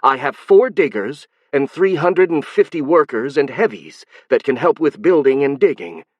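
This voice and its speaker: A shrill, alien-sounding hive queen, as a male audiobook narrator puts her on, proud and stubborn. The voice sits well above the reader's own, forceful and defiant, recorded dry and close. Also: lively intonation, normal speed, no echo, highs cut off. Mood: explaining.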